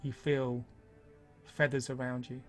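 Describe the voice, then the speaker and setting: A man narrating a tabletop game as game master, in a slow, hushed storytelling manner. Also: medium pitch, level tone, faint music behind.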